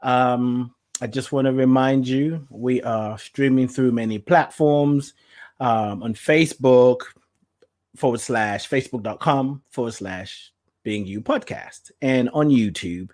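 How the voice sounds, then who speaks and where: A man hosting his own podcast, speaking in an affirming, animated way, laughing often and dropping into soft asides. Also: mid-range voice, slow pace. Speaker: podcast host. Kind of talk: solo podcast monologue.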